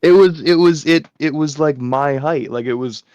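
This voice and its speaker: A man's voice: a little high, moderate pace, background noise. A man hosting a podcast, telling a story casually, rambling with lots of swearing and filler words. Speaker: podcast host. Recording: dull lo-fi sound.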